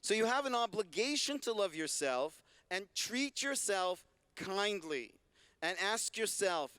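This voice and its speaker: A man's voice: high voice, animated, takes it slowly, dry recording. A man, a rabbi, giving a talk and answering audience questions in a conversational, joking way. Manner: warm, joking, conversational teaching. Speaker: rabbi and speaker. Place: convention hall stage.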